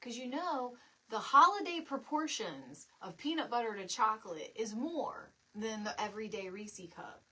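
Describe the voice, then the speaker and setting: A woman's voice: fairly high pitch, expressive, pushed and bright, husky. Chatty woman hosting a crafting livestream. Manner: chatty and rambling, quick laughs, reads out viewer comments. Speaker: DIY live stream host. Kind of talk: casual chat while crafting on a live stream. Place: home craft space, indoors.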